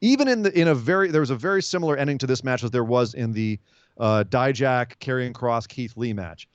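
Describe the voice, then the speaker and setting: A man hosting a wrestling podcast, giving an animated, casual recap and acting out quotes as he tells it. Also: mid-range voice, brisk, clear, resonant tone, dry recording, highs cut off.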